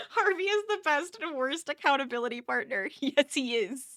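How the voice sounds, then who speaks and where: Woman, casual streamer, tired but chatty, laughs easily, crisp bright tone. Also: sits high, lively intonation, normal speed, no room sound, clean studio sound. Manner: chatty, laughs often, reads chat aloud. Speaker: crochet streamer. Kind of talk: casual live-stream chat. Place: home office.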